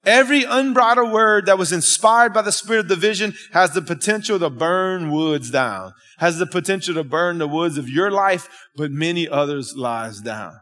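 A man's voice: high-pitched, animated, moderate pace, few pauses, pushed and bright. A man preaching a sermon at a church service, emphatic and calling out to the congregation. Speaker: pastor. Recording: long reverb of a church hall.

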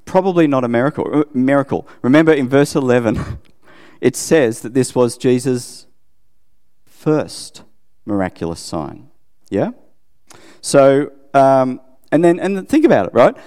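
A middle-aged Australian man preaches in a relaxed, conversational style, checking in with his audience through questions and gently mocking himself. His mid-range voice sounds mellow, trailed by long reverb.

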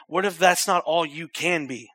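A young man preaching a sermon as a pastor, repeating phrases urgently, then dropping to a hushed, intimate tone. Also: a little high, normal speed, no echo, clean studio sound. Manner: swings from loud urgent repetition to hushed near-whispered intimacy.

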